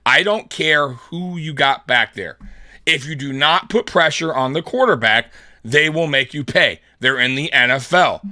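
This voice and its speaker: A man's voice: a little high, measured pace, bright, forceful tone, no echo, studio quality. A man hosting a casual sports talk show, heated and swearing often, with frequent laughter. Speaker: podcast host.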